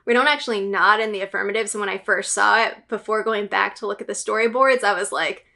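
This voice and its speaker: Bright-voiced chatty woman. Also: mid-range voice, fast, vocal fry. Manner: chatty, with frequent fillers and giggles; enthusiastic fan. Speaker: gaming news channel host. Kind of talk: casual recap commentary.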